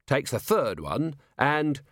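A man voicing a sharp, driven veteran police commander in an audiobook, talking briskly and firing probing, rhetorical questions. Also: mid-range voice, big pitch swings, no room sound, studio quality, pitched above the performer's own voice, full character voice. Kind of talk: audiobook character voice.

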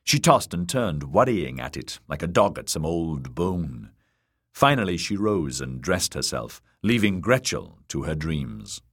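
A man narrating a fantasy audiobook in an expressive storytelling way. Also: rumbling low, unhurried.

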